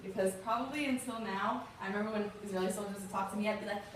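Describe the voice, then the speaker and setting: A woman's voice: mid-range voice, quick pace, slight background noise. Young Southern woman, guest speaker, heartfelt storytelling, distant mic, big reverberant room. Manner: earnest, emotional, conversational with fillers. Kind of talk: personal story talk to a youth audience.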